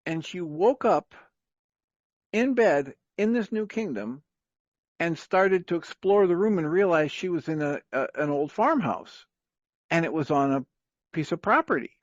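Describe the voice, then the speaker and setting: A man's voice: a little high, expressive, unhurried, no echo. A man casually telling a long story on a talk radio show, rambling with many fillers and chuckles. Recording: dry, dull lo-fi radio sound.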